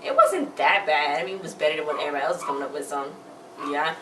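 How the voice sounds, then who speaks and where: A young woman chats her way through an episode recap, rambling and slipping into little quoted voices for each character. Her voice sits slightly low. She sounds a bit away from the mic in a roomy space with faint noise behind. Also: animated, fast, fairly bright tone, recorded from a distance. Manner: rambling retelling with acted-out quotes. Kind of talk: casual chat.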